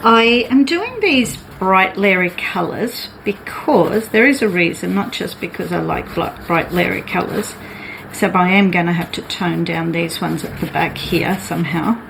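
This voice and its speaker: A woman's voice: lowish voice, normal speed, creaky, fairly bright tone, a little hiss or hum, low-quality recording. A woman artist chatting casually and thinking aloud as she sketches and paints. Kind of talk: casual chat while drawing.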